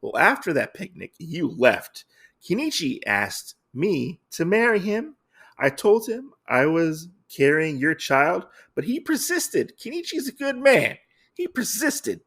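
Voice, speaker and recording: A man lifting his voice to play a sorrowful young woman confessing an old secret. The tone is a little higher than his own, with a gravelly rasp under it, and it sounds like casual storytelling rather than full acting. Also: very animated, measured pace, a bit bright, exaggerated voice. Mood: regretful.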